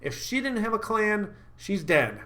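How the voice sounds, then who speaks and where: A man's voice: high voice, very animated, unhurried, fairly bright tone. A man giving dating advice straight to camera, upbeat and emphatic, often checking in with his listeners. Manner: upbeat, emphatic, frequent "all right?" check-ins. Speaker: dating coach. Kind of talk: direct-to-camera advice talk.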